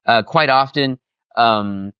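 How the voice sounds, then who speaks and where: A man, a voice actor guest, chatting casually and enthusiastically in an interview, with animated, expressive delivery. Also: mid-range voice, takes it slowly, clear, resonant tone, no echo, muffled recording.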